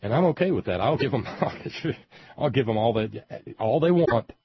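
A man's voice: mid-range voice, animated, moderate pace, husky, no room sound. A man from West Virginia giving a rambling, sardonic commentary monologue with frequent hesitations. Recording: dull lo-fi audio, dry.

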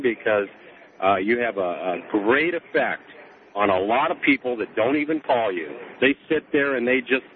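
Heartfelt trucker calling in on a phone line. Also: male voice, fairly low pitch. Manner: heartfelt, emphatic. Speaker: caller, truck driver. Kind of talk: call-in radio talk. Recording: tinny phone line with faint hiss.

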